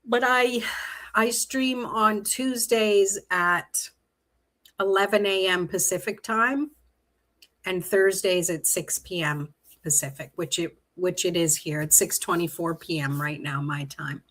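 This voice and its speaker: A woman's voice: lowish voice, slow, fairly bright tone. A middle-aged Canadian woman hosting a casual tarot livestream, chatting with viewers and laughing easily as she reads the cards. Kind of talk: casual live-stream chat while reading tarot cards.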